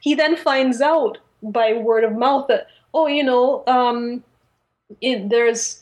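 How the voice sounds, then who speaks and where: A woman's voice: a little high, slow pace, darkish tone. A woman co-hosting a podcast, retelling a story in casual talk with many fillers and restarts. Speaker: podcast co-host. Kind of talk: casual book discussion.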